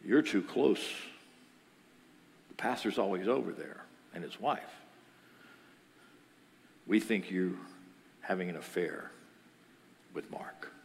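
A man doing a hushed, accusing family voice. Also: animated, slow, gravelly, long pauses, big-room sound, a little hiss or hum, full character voice. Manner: low, hushed, half whispered.

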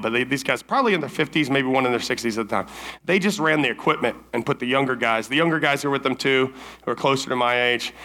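A man speaking to teens at a summer camp service, telling a story in a casual, animated way and acting out his own lines. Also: mid-range voice. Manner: casual, many fillers like "like" and "right?".

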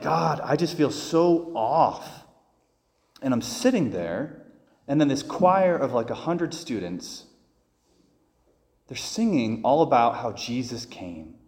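Priest giving a chatty homily in a reverberant church. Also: male voice, medium pitch, a little mellow. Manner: conversational, many restarts and fillers. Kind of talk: homily with personal stories.

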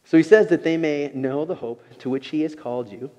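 A man preaching a sermon in an unhurried, conversational way, often saying "you know". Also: a little high, a little mellow, big-room sound, dull audio.

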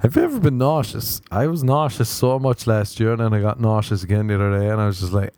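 Male podcast host, gravelly mid-range voice, dry close mic, rambling crude self-mocking comic. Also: fairly low pitch, animated, fast talker, hardly any pauses, darkish tone, no room sound. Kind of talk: solo comedic monologue.

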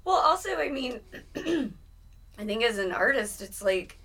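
A woman musician being interviewed, talking in a relaxed, casual way that trails off softly at the ends of phrases. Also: a little high, takes it slowly, husky. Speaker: musician guest. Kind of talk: casual chat.

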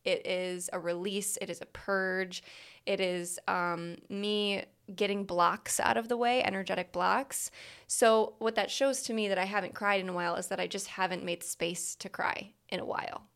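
Female host, reflective solo talk, lots of "like," gravelly yet smooth tone. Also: mid-range voice, fairly even intonation, moderate pace, fairly bright tone. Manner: candid, reflective, frequent "like" fillers. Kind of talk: candid personal monologue.

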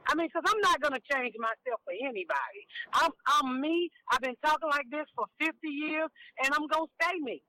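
A woman comedian in her fifties, a guest on a phone interview, talking frankly and down to earth in animated stories. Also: sits high, fairly quick, few pauses. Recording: tinny phone line.

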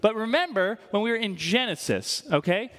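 Man, pastor, high voice, animated sermon, asks the crowd questions, long hall echo. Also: normal speed. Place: church hall.

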